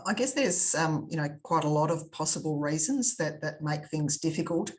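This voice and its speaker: An Australian woman with a low voice talks through a webinar discussion. She sounds thoughtful and measured, with frequent ums. Her delivery is unhurried and explanatory. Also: lively intonation. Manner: thoughtful, measured, with many fillers. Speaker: panelist on conflict resolution.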